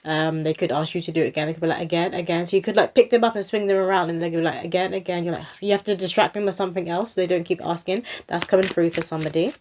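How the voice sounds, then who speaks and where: A young woman talks through a psychic card reading. Her voice sits a little low, and her delivery is chatty and flowing. She slips into a gentle reading voice for rhyming poems. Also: racing, few pauses. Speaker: psychic medium host.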